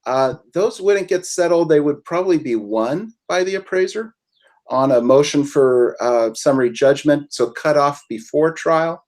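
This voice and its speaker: A man speaking as an attorney guest on a webinar, measured and explaining legal outcomes step by step. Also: a little high, lively intonation, a little mellow.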